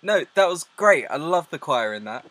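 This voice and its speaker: A man's voice: fairly high pitch, very animated, normal speed, fairly bright tone, no echo. A man hosting a podcast over a video call, easygoing and jokey, laughing often as he talks. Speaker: podcast host. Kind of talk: casual chat.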